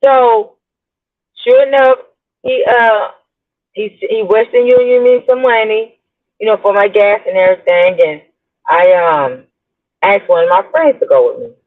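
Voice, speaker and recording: A woman's voice: mid-range voice, steady tone, a little slow, pauses often. Middle-aged woman rambling thru a story to her viewers, calls em y'all, sounds like a phone line. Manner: rambling, chatty, addresses listeners as y'all. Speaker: blogger host. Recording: tinny phone-like audio.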